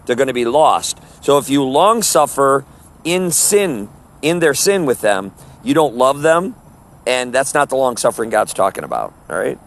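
A man's voice: mid-range voice, sing-song, moderate pace. A man teaching a Bible study in sermon style, emphatic and full of rhetorical questions, stretching out Greek words. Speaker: preacher.

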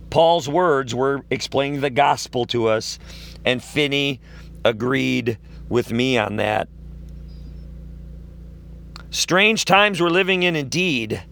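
A man's voice: mid-range voice, creaky, fairly bright tone. A man giving a combative religious commentary, reading out long quotes and firing back with emphatic accusations. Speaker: online preacher.

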